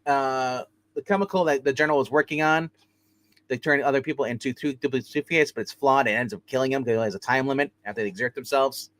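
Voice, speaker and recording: Guy rambling thru a comic recap, lots of uh and you know, tossing in quick character voices, dry close sound. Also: mid-range voice, a bit bright, dry recording. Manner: rambling, filler-heavy, acts out character lines in quick voices. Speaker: comic book reviewer.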